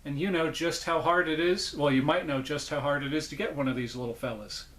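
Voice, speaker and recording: A man's voice: on the high side, steady tone, a little fast, fairly bright tone. A man hosting a casual unboxing vlog as a puppet collector, enthusiastic and rambling, often correcting himself. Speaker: puppet collector, channel host.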